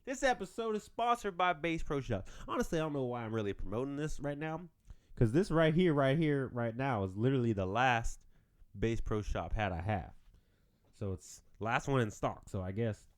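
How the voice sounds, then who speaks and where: A man's voice: medium pitch, animated, moderate pace. A man hosting a podcast on his own, joking and rambling in casual chat. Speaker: podcast host.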